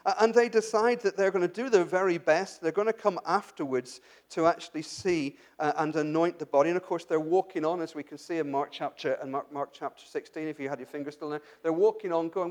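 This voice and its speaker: High-voiced man preaching a conversational sermon. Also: a little fast, few pauses, a little mellow. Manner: conversational, with frequent restarts and rhetorical questions; addresses the congregation directly. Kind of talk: sermon, Bible exposition.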